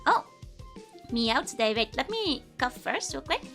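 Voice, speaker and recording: Woman streamer, lively up-and-down voice, giggly, slightly worn from illness. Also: high voice, measured pace, soft background music. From Netherlands. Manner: giggly, chatty, greets viewers by name. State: voice still recovering from illness. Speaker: VTuber streamer. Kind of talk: casual live-stream chat.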